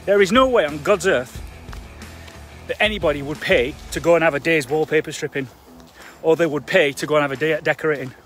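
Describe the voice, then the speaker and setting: A man's voice: fairly high pitch, a little fast, fairly bright tone, soft background music. Blunt man coaching live. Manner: blunt, emphatic, conversational with fillers. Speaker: construction trainer for property investors. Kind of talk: live-stream coaching talk.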